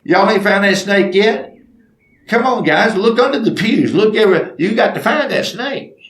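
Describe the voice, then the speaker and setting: A man voicing a loud, pushy male choir manager, hollering orders. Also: expressive, moderate pace, reverberant. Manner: hollering orders, raised and high.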